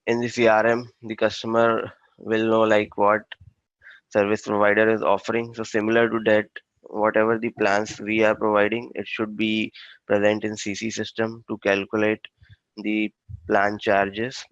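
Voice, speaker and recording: A male instructor explains a technical system in a halting way, full of fillers and restarts. His low voice stays flat and even. The recording sounds dull and lo-fi, with a dry, close sound. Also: clear, resonant tone, no room sound. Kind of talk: technical training lecture.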